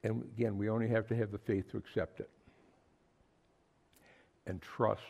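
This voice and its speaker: Gravelly-voiced man preaching emphatically. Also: fairly low pitch, fairly even intonation, normal speed, darkish tone. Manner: earnest, emphatic, with repeated words and asides. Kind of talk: sermon. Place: small fellowship meeting room.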